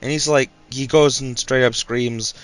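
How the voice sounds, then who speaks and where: A man's voice: medium pitch, fairly even intonation, measured pace, a bit bright. A young man hosting his own channel, telling a rambling story full of ums, restarts and self-mocking asides. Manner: hesitant, full of fillers and self-corrections, self-mocking.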